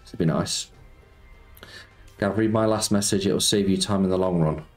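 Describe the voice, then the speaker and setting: A man's voice: deep voice, moderate pace. A man hosting a casual slots live stream, chatting with viewers and reading out their messages. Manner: chatty, reads chat aloud and answers viewers, says mate a lot. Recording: roomy echo with music behind.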